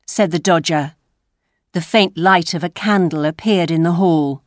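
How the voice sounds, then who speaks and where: A woman narrating a classic story aloud for language learners, slow and expressive. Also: low voice, dry recording, studio quality. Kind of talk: reading a graded story aloud.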